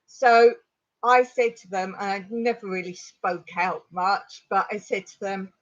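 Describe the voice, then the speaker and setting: A middle-aged woman from England, telling a long personal story on a livestream in a rambling, animated way. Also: mid-range voice, a little slow, muffled recording. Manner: rambling, animated retelling with laughs. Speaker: vlogger on a livestream.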